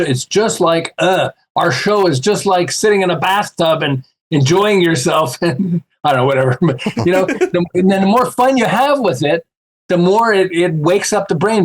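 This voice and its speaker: A man guesting on a podcast, telling stories in a casual, animated way and acting out the voices of the people he quotes. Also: on the high side. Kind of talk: casual storytelling chat.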